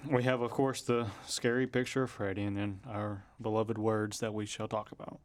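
A man's voice: lowish voice, little pitch movement, normal speed. A man hosting a casual podcast discussion, laid-back and addressing listeners directly. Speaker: podcast host.

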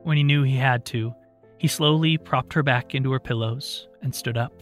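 A man narrating an audiobook in a calm, steady storytelling voice. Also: medium pitch, normal speed, faint music behind.

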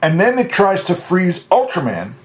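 A man's voice: high-pitched, huge pitch swings, moderate pace, slight background noise. A man co-hosting a podcast in casual chat, making dry, sarcastic asides. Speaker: podcast co-host.

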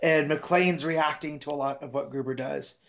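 A man's voice: fairly high pitch, steady tone, normal speed, a bit bright. American man with a dull lo-fi mic. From United States. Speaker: podcast co-host. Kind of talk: casual film discussion.

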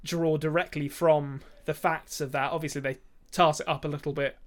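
Co-hosting a film podcast, this fairly high-voiced man keeps the conversation casual and relaxed. Ums fill his gaps, and sometimes a thought tumbles out in a fast rush.

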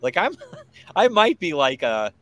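A man, a podcast guest, talking in an animated way outdoors in a yard, swearing freely and saying "like" a lot. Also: a little high, a little slow, rough recording. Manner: animated, heavy swearing, lots of "like". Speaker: guest musician. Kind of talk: casual podcast chat.

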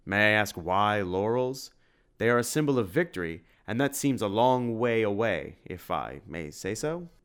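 A man voicing a big, burly, gruff male shopkeeper who talks formally and growls with suspicion, in a storybook reading. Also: fairly low pitch, lively intonation, normal speed, fairly bright tone. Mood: hearty.

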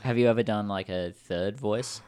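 A man's voice: fairly low pitch, normal speed, a little mellow, clear, resonant tone, dry recording. A man hosting a podcast, asking curious, prompting questions. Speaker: podcast host. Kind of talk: casual interview chat.

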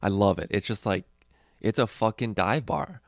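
Young comedian dude rambling and swearing a lot, low gravelly voice, super dry close sound. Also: male voice, moderate pace, dry recording. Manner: rambling, profane, laid-back. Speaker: stand-up comedian. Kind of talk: casual chat.

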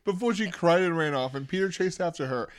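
Wry man podcast co-host, higher voice. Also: quick pace. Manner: wry, laughing, mimics others. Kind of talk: casual chat.

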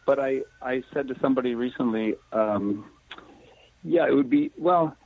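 Actor guy chatting on a phone-quality line, a bit husky, careful not to give stuff away. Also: mid-range voice, no echo. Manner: careful and measured, avoids spoilers. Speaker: actor guest. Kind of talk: casual interview chat. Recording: tinny phone line, dry.

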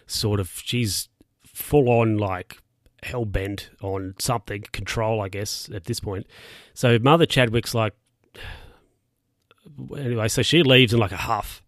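A man's voice: lowish voice, measured pace, no room sound, studio quality. A young man casually recapping a TV episode, rambling with lots of fillers and asides. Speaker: show recapper.

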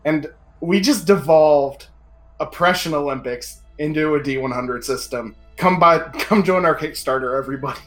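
A man's voice: fairly high pitch, normal speed, fairly bright tone, faint music behind. A man running a tabletop game as game master, wry and laughing as he reads out dice rolls.

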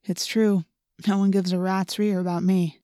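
A woman voicing a lonely, quiet teenage boy who speaks softly and wryly. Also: medium pitch, flat delivery, moderate pace, dry recording, studio quality, lightly acted. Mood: sad. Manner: soft-spoken, wry.

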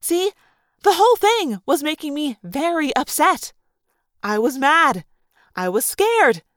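Expressive high-voiced woman reading aloud. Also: slow, no room sound, clean studio sound. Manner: expressive storytelling. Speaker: audiobook reader. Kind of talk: first-person audiobook narration.

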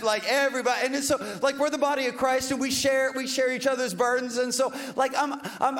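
Conversational preaching man, high voice. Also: fairly bright tone. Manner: conversational, relatable preaching with rhetorical questions. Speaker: pastor. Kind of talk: sermon.

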